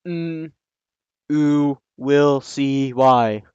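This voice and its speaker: A man reading a story aloud and breaking in with sarcastic, scoffing asides, often pausing with ums. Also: mid-range voice, a little mellow, smooth, dry recording, dull audio. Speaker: reader and commentator. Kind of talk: reading a fan story aloud with mocking commentary.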